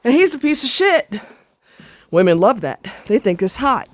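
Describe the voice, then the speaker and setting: A woman's voice: sits high, sing-song, a little slow, a little hiss or hum. A woman venting in a casual monologue, blunt and profane, rambling with restarts as she rants. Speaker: vlogger.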